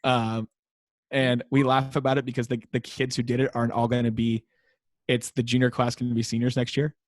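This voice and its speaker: Animated American man telling stories. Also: mid-range voice, brisk, dry recording. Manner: animated storyteller, acts out kids chanting. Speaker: high school teacher and guest. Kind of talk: casual interview storytelling. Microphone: wearing a mic.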